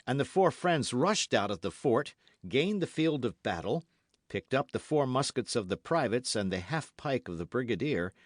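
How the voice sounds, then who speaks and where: A man narrates a classic novel in a measured, expressive way. His intonation rises and falls with lively range. The sound is dry and close to the mic. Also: medium pitch, dry recording. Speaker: audiobook narrator. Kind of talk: scripted narration.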